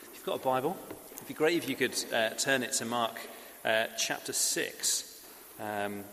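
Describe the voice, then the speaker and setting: Halting male preacher in echoey hall. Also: mid-range voice, lively intonation, sharp tone. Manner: halting, many fillers and restarts. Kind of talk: sermon. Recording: echoey hall with faint hiss.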